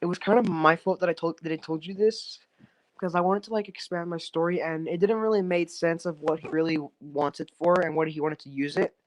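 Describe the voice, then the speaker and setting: A man's voice: on the high side, brisk, poor audio. A young man on a phone in an online call, retelling a story in a loose, rambling way, with many restarts, fillers and casual swearing.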